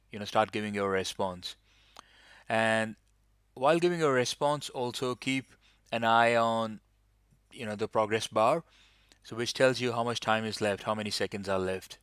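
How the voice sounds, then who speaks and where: A man's voice: mid-range voice, fairly bright tone, clear, resonant tone, dry recording, studio quality. A man teaching an English speaking-test lesson, explaining patiently with many fillers. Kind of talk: online lesson.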